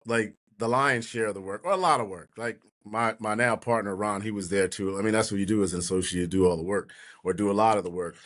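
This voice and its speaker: A man in his sixties from New Jersey, a trial lawyer telling lively anecdotes as an interview guest, often laughing and acting out others. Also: on the low side, fast. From New Jersey, USA. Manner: animated anecdotes, acting out quoted voices, laughing. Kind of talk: casual storytelling interview.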